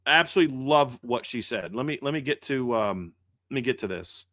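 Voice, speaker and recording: A man's voice: medium pitch, expressive, brisk, fairly bright tone, no echo, studio quality. A man hosting a sports podcast, ranting in a heated, indignant way and often restarting his words. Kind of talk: casual podcast rant.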